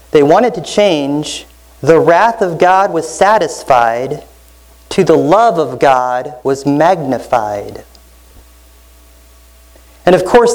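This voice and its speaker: A male pastor delivering a sermon at a measured, slow pace. He speaks earnestly and leans hard on key phrases, drawing them out for emphasis. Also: high-pitched, a little mellow, rough recording. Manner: earnest, emphatic preaching with deliberate slow stresses.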